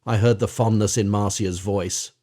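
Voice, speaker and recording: A man narrating an audiobook in a gentle, measured reading style. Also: fairly low pitch, fairly even intonation. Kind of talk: audiobook narration of an interview account.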